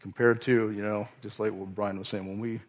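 A man giving an informal sermon, halting, with many restarts and fillers. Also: fairly low pitch, level tone, highs cut off. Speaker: lay speaker.

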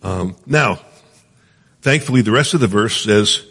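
A man's voice: fairly low pitch, animated, measured pace, a bit bright, breathy edge. A middle-aged man teaching from the Bible in an earnest, conversational way, often checking in with his listeners. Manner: earnest, asks the listeners often, many restarts. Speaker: preacher. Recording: long hall reverb.

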